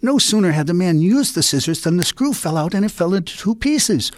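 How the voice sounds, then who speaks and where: A man telling a folk tale in a playful, hushed way, often sinking to a whisper. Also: sits high, expressive, fast talker, no echo, clean studio sound. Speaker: storyteller.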